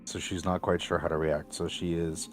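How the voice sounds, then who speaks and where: A man playing a tabletop game, describing his character's actions in a thoughtful, measured way. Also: sits low, flat delivery, faint music behind. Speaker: player.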